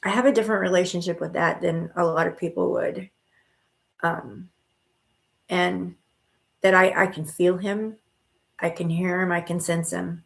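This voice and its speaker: A woman's voice: fairly low pitch, steady tone, measured pace, gravelly, long pauses. Chatty reassuring woman hosting a live stream. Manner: warm and reassuring, calls viewers honey and sweetheart; chatty with frequent restarts and fillers. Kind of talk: casual live-stream chat.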